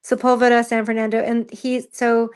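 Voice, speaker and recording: A woman from California chatting casually on a livestream, talking haltingly with many pauses and restarts. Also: fairly high pitch, little pitch movement, clear, resonant tone. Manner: halting, lots of ums and restarts. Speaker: livestream guest. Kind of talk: casual chat.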